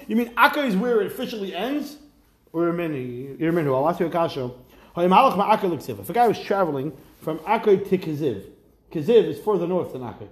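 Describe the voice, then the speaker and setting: A man leads a Talmud class in a high, animated voice, tossing questions at his students and weaving Hebrew and Aramaic phrases into his English. The room echoes around him. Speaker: rabbi teaching Talmud.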